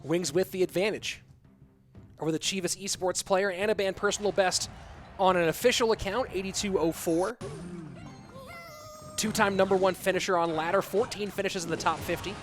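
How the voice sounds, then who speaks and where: Male esports caster, high-pitched and hyped, live commentary with music playing underneath. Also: normal speed, long pauses. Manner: excitable, hyped shout-outs to viewers. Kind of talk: live game commentary reading chat.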